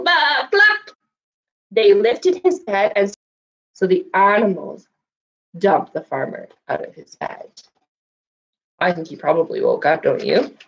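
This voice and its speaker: A woman's voice: mid-range voice, gravelly, darkish tone, highs cut off. Sing-song woman reading to children. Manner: sing-song storytelling, asks children questions. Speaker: children's librarian. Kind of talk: storytime read-aloud and craft lesson. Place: library, indoors.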